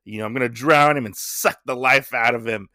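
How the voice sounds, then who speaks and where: A man's voice: mid-range voice, fairly quick, sharp tone, no room sound, studio quality, natural voice. A man voicing a menacing male water monster from a comic, gloating and threatening.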